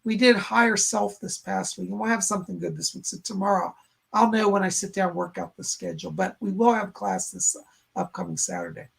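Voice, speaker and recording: Gravelly husky-voiced male psychic host. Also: high-pitched, steady tone, a little fast, a bit bright. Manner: relays spirit messages and thanks donors by name, conversational. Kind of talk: live-stream psychic readings.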